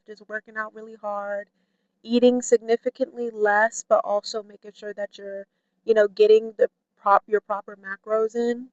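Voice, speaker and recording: A woman vlogger talking candidly to camera in a chatty way, full of "like" and "you know", who mimics her friends in a high playful voice. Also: flat delivery, normal speed, clean tone, dry recording, lo-fi sound. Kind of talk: candid personal talk to camera.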